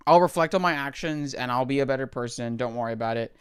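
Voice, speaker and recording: A young male streamer with a smooth, clean voice, chatting on a live stream as he reacts to game trailers. He rambles, apologizes, and laughs at himself. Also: a little high, fast, hardly any pauses. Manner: apologetic, rambling, self-deprecating.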